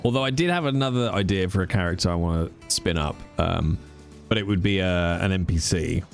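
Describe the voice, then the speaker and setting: A man's voice: sits low, fairly quick, vocal fry. A man streaming, chatting casually in a rambling way and swearing freely. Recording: music playing behind.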